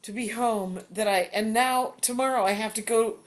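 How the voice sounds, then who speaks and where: A woman's voice: on the high side, moderate pace, a little hiss or hum. A woman comedian in her fifties chatting casually from home, rambling and self-deprecating with many filler words. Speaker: comedian guest. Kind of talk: casual chat.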